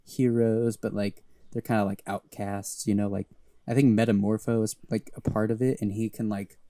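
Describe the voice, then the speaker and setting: A man's voice: on the low side, level tone, normal speed, warm tone, no room sound. A young man co-hosting a podcast, chatting casually and rambling with lots of fillers and restarts. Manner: rambling, heavy use of fillers. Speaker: podcast co-host. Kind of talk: casual chat.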